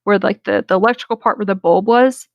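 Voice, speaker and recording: A young woman in her twenties tells a story in a loose, rambling way, full of fillers, and swears casually. The recording is dry and close, with no room sound, and her pitch sits in a middle register. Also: fairly even intonation, quick pace, no echo, muffled recording. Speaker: podcast co-host.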